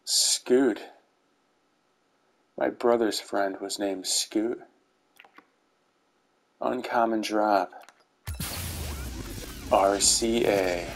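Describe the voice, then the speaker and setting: A man's voice: on the low side, steady tone, extremely slow, pauses often, low-quality recording. A middle-aged man giving casual commentary on game rewards, with dry dad-joke humor. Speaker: YouTuber reviewing game rewards. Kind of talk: casual commentary over gameplay footage. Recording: faint background music.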